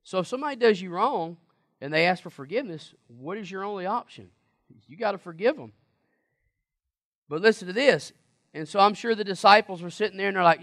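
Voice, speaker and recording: Male preacher, slightly high voice, emphatic, chatty sermon delivery with questions to the room. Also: expressive, fast talker, a bit bright. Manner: conversational, emphatic, asks the congregation questions.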